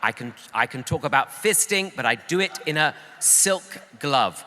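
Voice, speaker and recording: A man's voice: a little high, lively intonation, moderate pace, big-room sound, crowd noise, background noise. A posh man making cheeky jokes in an award speech. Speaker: award speaker.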